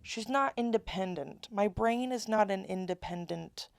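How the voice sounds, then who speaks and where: Creaky-voiced young woman rambling candidly. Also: mid-range voice, moderate pace, no room sound. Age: 20s. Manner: rambling, self-interrupting, candid. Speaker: vlogger. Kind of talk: casual confessional monologue.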